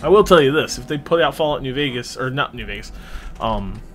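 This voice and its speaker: A young man casually commenting on his gameplay, chatty and excitable, swearing freely as he plays. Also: mid-range voice, fairly quick, slight background noise. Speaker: let's play host.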